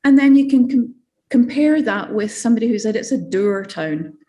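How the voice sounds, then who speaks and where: A woman's voice: fairly high pitch, expressive, a little fast, dark tone. A woman with a Scottish accent giving an academic seminar talk in a conversational way, with fillers and asides. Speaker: academic lecturer.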